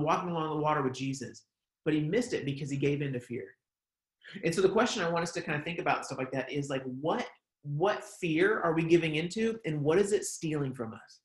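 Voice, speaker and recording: Casual preacher man in an echoey room. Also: fairly high pitch. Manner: conversational, many fillers like "like" and "um". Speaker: pastor. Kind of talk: casual online sermon.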